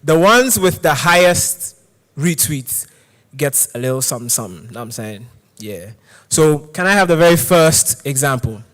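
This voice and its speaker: A young man from Ghana hosting a conference game session, energetic and joking, talking to a live audience. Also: on the high side, moderate pace, long reverb tail. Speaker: session host. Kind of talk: hyped conference game host. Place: conference hall.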